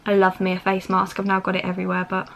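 A woman's voice: medium pitch, monotone, fast talker, gravelly, fairly bright tone, a little hiss or hum, rough recording. Bubbly young woman vlogging. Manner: bubbly, gushing, lots of fillers. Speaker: beauty vlogger. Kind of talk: casual vlog chat. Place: home, indoors.

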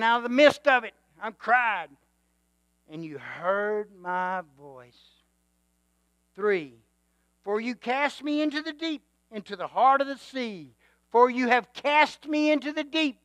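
A male preacher delivering a sermon, swinging from quiet musing to loud exhortation and calling for amens. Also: very high-pitched, lively intonation, slow, no echo.

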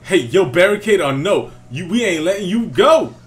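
A man's voice: high voice, very animated, normal speed, pitched above the performer's own voice. A man voicing a brash young male street gang thug, taunting in a rhyming swagger.

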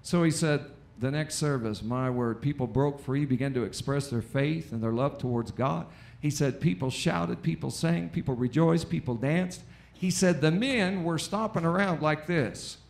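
An American man preaching a lively sermon in a church, with call-and-response and acted-out quotes. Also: fairly high pitch, normal speed, vocal fry. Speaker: pastor. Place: church auditorium.

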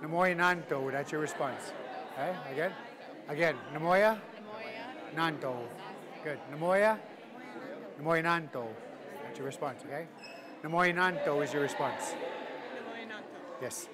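A man teaching a live language class, calling out drills and repeats in a playful way, laughing along with his students. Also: on the high side. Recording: crowd noise in a live classroom. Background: class chatter and laughter.

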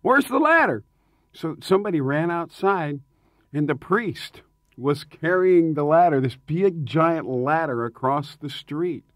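A man, a touring rock singer, telling tour stories in a casual interview, animated and emphatic, laughing often. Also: a little high, unhurried, dry recording, clean studio sound.

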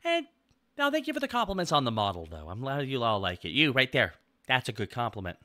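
Male VTuber host, casual stream chatter, goofy and self-mocking, bright voice with a very lively melody. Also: mid-range voice, quick pace, no room sound, clean studio sound. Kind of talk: casual livestream chat.

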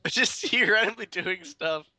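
A man's voice: sits high, pushed and bright, no echo. A man chatting and laughing a lot while playing a game with a friend. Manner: giggly, laughs often. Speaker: let's play co-host. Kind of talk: casual gameplay banter.

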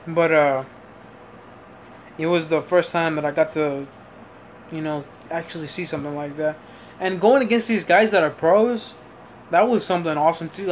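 Young dude, high-ish voice, rambling vlog story, lots of "uh" and "like", swears a bit. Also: male voice, a little hiss or hum. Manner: casual, meandering, with fillers and self-corrections; occasional swearing. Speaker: vlogger.

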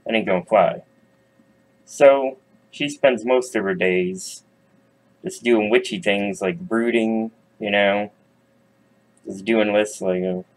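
A man's voice: fairly low pitch, poor audio. A man telling a fairy tale for adults in a loose, profane, chatty way, full of asides to the audience. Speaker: storyteller. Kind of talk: casual comic storytelling.

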